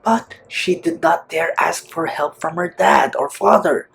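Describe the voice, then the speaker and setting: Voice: medium pitch, unhurried, vocal fry, fairly bright tone, slightly rough. A storyteller reading a classic tale aloud, stopping often to restate harder words in simpler English and acting out the quoted lines playfully. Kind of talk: read-aloud storytelling with word explanations.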